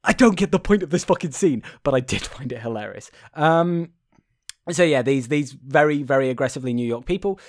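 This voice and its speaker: A man's voice: mid-range voice, lively intonation, fairly quick, darkish tone, dry recording, clean studio sound. A man co-hosting a casual film chat, swearing freely and laughing as he talks. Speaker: podcast co-host.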